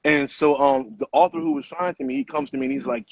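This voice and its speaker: A middle-aged man speaks as an author guest, telling stories at a rapid clip in loose, profane street slang. His voice is husky. The sound is dry and muffled, with a lo-fi tone. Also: medium pitch, no echo. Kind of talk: casual interview storytelling.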